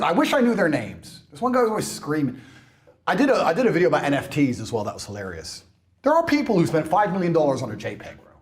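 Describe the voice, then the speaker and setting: A man in a brash, mocking monologue, swearing often. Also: fairly high pitch. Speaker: internet personality. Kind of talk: ranting monologue.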